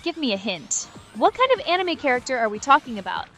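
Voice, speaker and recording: A woman's voice: high-pitched, very animated, brisk, fairly bright tone. A synthetic woman's voice chatting as an AI companion, sarcastic, witty and mock-exasperated. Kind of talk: sarcastic chatbot banter.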